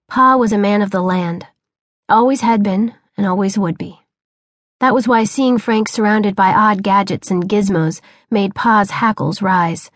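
A woman reading a children's novel as an audiobook narrator, with clear, steady storytelling. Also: medium pitch, no echo, studio quality.

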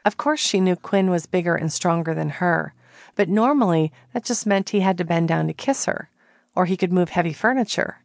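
A woman narrating an audiobook in slow, even storytelling. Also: on the low side, vocal fry, no echo. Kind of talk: scripted narration.

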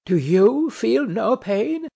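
A haughty, affronted noblewoman, insisting on her virtue, voiced by a man reading the play. The voice sits high and swings widely, and every word is drawn out slowly. It has a gravelly grain under it. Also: very animated, a little mellow, full character voice. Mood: bitter, accusing. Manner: prim, affronted, insistent questioning. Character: proud indignant Spanish noblewoman in hell. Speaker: audiobook narrator. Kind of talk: reading a stage play aloud.

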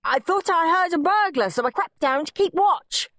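A naughty, rowdy schoolboy in a storybook, high and shrill, howling his lines with a lively up-and-down voice, as a woman reader puts him on. The sound is dry and close. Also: normal speed, dry recording. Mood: excited, loud.

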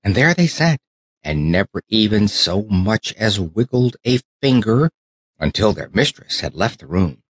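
A man narrating a children's storybook audiobook with an expressive, animated reading. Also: lowish voice, measured pace, slightly rough, no room sound.

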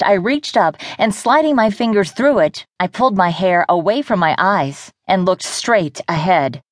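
A woman narrating a romance novel in the first person, in a measured, intimate way. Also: lowish voice, no room sound, clean studio sound. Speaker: audiobook narrator.

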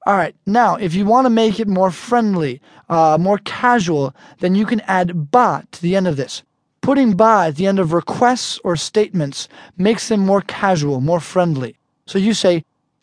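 An American man teaching an audio language lesson, chatty and relaxed, slowing down carefully to model each phrase. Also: high-pitched, no echo, studio quality. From United States.

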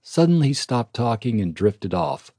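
A man narrating a western audiobook in a steady storytelling manner. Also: medium pitch, normal speed, husky, no echo, clean studio sound. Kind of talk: scripted narration.

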